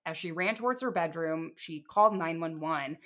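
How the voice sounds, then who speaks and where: A woman co-hosting a podcast, telling a crime case in a casual, steady way with chatty asides. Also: sits low, moderate pace. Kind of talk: casual true crime storytelling.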